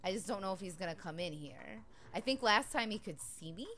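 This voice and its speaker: A woman's voice: mid-range voice, lively intonation, a little fast, pushed and bright, slight background noise. Nervous woman streaming a horror game. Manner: nervous, anxious, swearing when scared. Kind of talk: live gaming stream chat.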